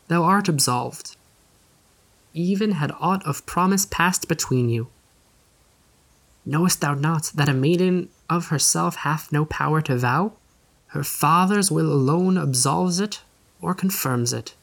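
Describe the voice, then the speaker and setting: A man's voice: fairly high pitch, gravelly. A man reading as a frail, agitated old father. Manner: urgent, fatherly, archaic speech. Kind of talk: audiobook reading.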